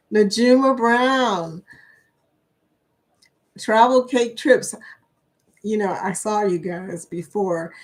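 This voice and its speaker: Chatty woman in her sixties. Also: medium pitch. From Kentucky, USA. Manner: chatty and excitable, greets viewers by name, bursts into whoops and laughs. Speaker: livestream host. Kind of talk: casual live-stream chat.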